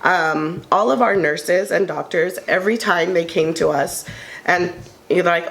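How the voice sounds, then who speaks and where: A woman co-hosting a casual table talk, telling a heartfelt personal story in an earnest way with many pauses and ums. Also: on the low side, creaky. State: tearful at moments. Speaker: panel co-host sharing her story.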